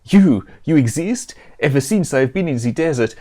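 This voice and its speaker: A man's voice: medium pitch, lively intonation, moderate pace, dark tone, natural voice. A boastful pizza elemental monster from a video game, talking in a hammy, made-up Italian-style accent, as a man puts it on. It speaks with a mid-range voice. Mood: bewildered.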